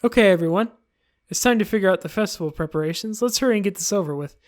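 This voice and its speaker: A woman's voice: medium pitch, lightly acted. Confident, bossy teen girl read by a woman for a game read-through. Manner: bossy, brisk. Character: confident teenage club president, Monika.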